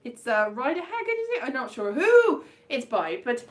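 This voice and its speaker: High-voiced woman, rambling chat. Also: very animated, normal speed. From Wales. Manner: rambling, chatty, jumps between tangents. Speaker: comedian live-streaming to viewers. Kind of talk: casual live-stream chat. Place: indoors at home.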